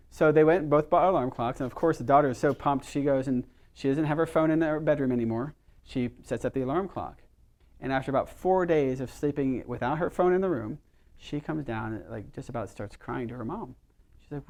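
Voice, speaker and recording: A man's voice: mid-range voice, a little fast, a little mellow. Chatty middle-aged man leading a workshop. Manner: chatty, storytelling, asks the audience questions. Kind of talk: casual workshop talk to a small group.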